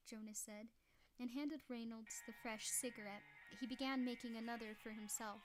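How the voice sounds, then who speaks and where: A woman's voice: a little high, fairly even intonation, moderate pace, few pauses, soft background music. Woman reading a novel aloud. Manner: apologetic, chatty asides. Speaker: audiobook reader.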